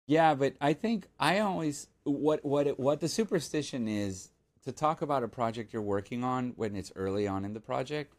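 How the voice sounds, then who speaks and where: A man's voice: normal speed, few pauses. A man who is a guest composer on a podcast, telling a story in casual chat and acting out the people he quotes. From Miami, United States. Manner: animated, acts out quotes with sudden jumps in pitch.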